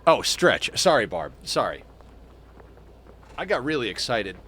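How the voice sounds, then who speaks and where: A man giving casual let's play commentary, chatty and thinking aloud, now and then cooing softly to a pet. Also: medium pitch, very animated, measured pace, a little hiss or hum. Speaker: game streamer.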